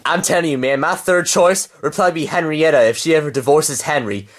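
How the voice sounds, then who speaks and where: A man's voice: a little high, brisk, natural voice. A man voicing a swaggering, lovesick male bird puppet in a homemade puppet show.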